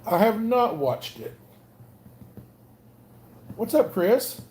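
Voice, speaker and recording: A man with a Southern Alabama accent talks in a loose, rambling way as he hosts a livestream chat. His voice sits a bit high for a man and has a mellow, warm tone. He keeps stopping to greet viewers by name. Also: very animated, drawn-out words, a little hiss or hum. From North Alabama. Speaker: livestream host.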